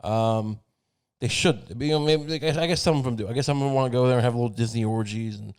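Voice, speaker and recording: A man's voice: medium pitch, quick pace, a little mellow, clear, resonant tone. A man hosting a podcast, talking through a meandering, profane comedic monologue. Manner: rambling, meandering, profane, many fillers. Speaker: podcast host.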